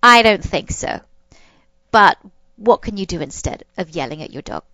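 A woman's voice: medium pitch, expressive, normal speed, bright, forceful tone, no room sound. A woman hosting a podcast, giving dog-training advice in a reassuring, loose manner, often restarting her sentences.

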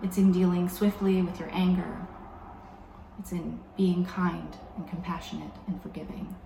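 A woman preaching a sermon in a reflective, measured way, slowing down to stress key words. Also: on the low side, level tone, vocal fry, background noise. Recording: echoey room with faint background ambience.

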